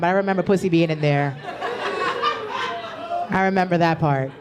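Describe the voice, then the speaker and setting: A woman's voice: fairly low pitch, moderate pace, a crowd in the background, background noise. A woman doing a stand-up comedy set with a loose, slangy, conversational delivery. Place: comedy club stage.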